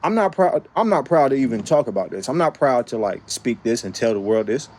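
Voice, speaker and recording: A man from the Bay Area tells a story from his own life in a loose, casual vlog manner. He leans hard on key phrases and repeats them for effect, tossing in tag questions as he goes. His voice sits at an ordinary middle pitch. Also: sing-song, fairly quick, darkish tone. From San Francisco Bay Area. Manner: informal speech with frequent tag questions. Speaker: vlogger.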